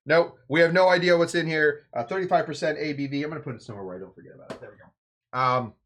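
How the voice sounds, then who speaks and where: A man's voice: medium pitch, a bit bright. A man hosting a home cocktail show, rambling and joking as he mixes and tastes drinks. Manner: rambling, joking, self-interrupting. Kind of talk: casual rambling cocktail demo.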